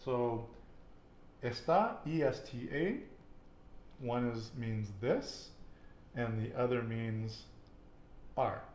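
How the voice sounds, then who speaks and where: A man's voice: mid-range voice, fairly even intonation, slow, long pauses, darkish tone, roomy sound, a little hiss or hum. A man teaching a casual Spanish lesson, patiently quizzing his student with questions.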